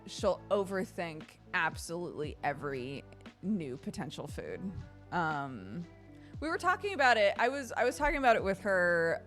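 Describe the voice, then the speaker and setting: With a lowish voice, a woman streamer talks casually to her viewers, spinning stories animatedly amid lots of laughter and filler words.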